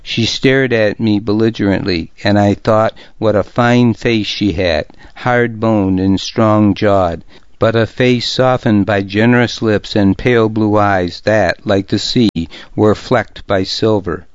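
A man reads a first-person historical story in a calm, measured way. His voice sits on the low side and moves very slowly. The sound is dry and a little dull, like a lo-fi recording. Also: clean tone, dry recording. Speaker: audiobook narrator. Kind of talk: scripted first-person narration.

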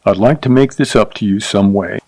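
A man's voice: fairly low pitch, a little fast, darkish tone, dry recording. A male narrator voicing a young cowboy who talks meekly and apologetically in a storybook reading. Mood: apologetic. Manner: apologetic, pleading.

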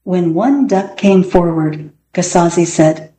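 A woman reads a children's storybook aloud, leaning into the drama of each scene. Her voice has a middle pitch and rings in a roomy space. A faint ambient hum sits underneath. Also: measured pace, few pauses. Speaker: narrator. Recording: echoey room, faint ambience.

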